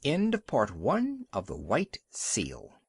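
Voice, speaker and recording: A man's voice: mid-range voice, huge pitch swings, slow, creaky, slightly rough, dry recording. A man narrating a classic animal story as an audiobook reader, telling it expressively. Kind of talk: scripted narration.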